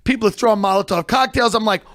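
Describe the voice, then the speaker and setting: A man telling comedic stories on a podcast, animated and emphatic, with plenty of profanity. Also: high voice, fast talker, dry recording, studio quality.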